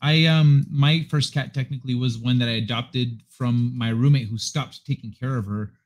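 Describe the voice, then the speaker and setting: A man hosts a livestream at a desk microphone in his apartment living room, chatting to viewers in a rambling, easygoing way with lots of swearing. He has a mid-range voice with fairly even intonation and a moderate pace.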